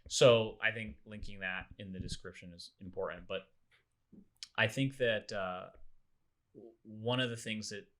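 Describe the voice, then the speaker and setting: A man's voice: on the low side, unhurried. A man co-hosting a casual discussion podcast, animatedly retelling an incident and acting out the people in it. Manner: animated storyteller, acts out quoted people. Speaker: podcast co-host.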